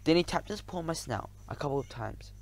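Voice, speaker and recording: A man narrating a children's audiobook in the first person, lively and expressive. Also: a little high, fast talker, vocal fry.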